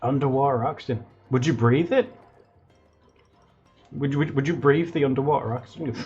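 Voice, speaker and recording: A man streaming live while drawing, chatting excitably and rambling with lots of fillers in a slightly husky voice. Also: medium pitch, fairly quick, muffled recording, soft background music.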